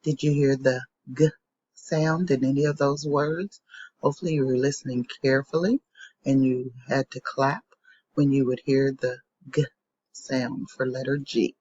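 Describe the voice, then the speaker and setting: Slow, patient woman teaching phonics. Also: very deep voice, steady tone, mellow, breathy edge, dry recording, lo-fi sound. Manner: slow, patient, repeats each word twice. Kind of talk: phonics lesson for young children.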